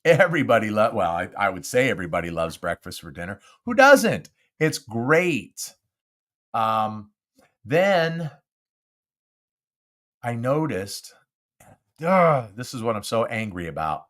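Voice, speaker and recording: Chatty, animated older man hosting a podcast. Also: on the low side, unhurried, pauses often. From Southern California. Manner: chatty and animated, self-deprecating. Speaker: podcast host. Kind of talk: casual live podcast chat. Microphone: close studio mic with windscreen.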